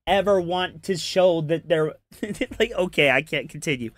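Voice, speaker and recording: Slow, profane, exasperated streamer man. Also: on the high side, no room sound. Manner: exasperated, profane, mocking rants. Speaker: commentary streamer. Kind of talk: casual reaction commentary.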